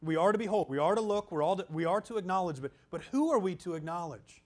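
A man preaching a sermon, emphatic, swinging from loud exclamations down to hushed, almost whispered lines. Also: high-pitched, lively intonation, fast talker.

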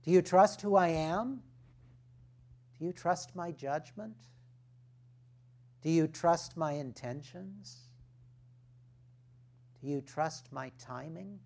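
A man voicing a gentle male teacher who presses his followers with earnest questions. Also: on the high side, slow, long pauses. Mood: searching.

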